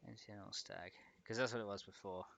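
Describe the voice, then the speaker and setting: A man's voice: fairly low pitch, fairly even intonation, fast, creaky, fairly bright tone. Man muttering through a modding stream. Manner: muttering to himself while troubleshooting, chatty with viewers. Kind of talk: casual livestream commentary while modding.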